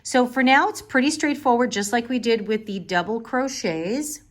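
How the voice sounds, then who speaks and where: A woman's voice: fairly high pitch, normal speed. A woman teaching a step-by-step crochet tutorial, talking patiently and chattily and often checking in with the viewer. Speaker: crochet instructor.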